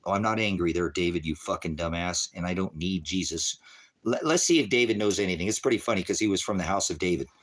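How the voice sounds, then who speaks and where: A man on a livestream, ranting about scripture at his chat, swearing and taunting, dropping from low mutters to high shouts. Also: fast talker. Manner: profane, taunting, mocking laughter. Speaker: livestream preacher. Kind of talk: heated livestream rant at chat.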